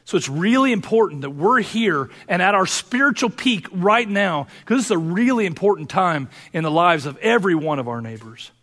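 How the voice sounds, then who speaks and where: A man preaching a sermon as pastor of his church, earnest, moving between fervent urging and quiet personal confession. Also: high voice, expressive, moderate pace, few pauses. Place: church sanctuary. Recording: long hall reverb.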